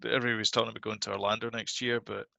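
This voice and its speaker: A man's voice: fairly low pitch, flat delivery, racing, vocal fry, bright, forceful tone, no echo. A man co-hosting a podcast, chatting casually and laughing easily. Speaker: podcast co-host. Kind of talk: casual chat.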